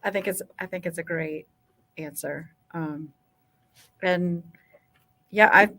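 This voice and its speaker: Halting woman podcast host. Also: fairly low pitch, steady tone, pushed and bright. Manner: halting, with fillers and repeats. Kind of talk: casual interview talk.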